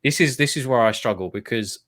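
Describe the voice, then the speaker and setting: A man co-hosting a casual football chat, animated and laughing often, restarting his sentences. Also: mid-range voice, brisk. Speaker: football podcast co-host.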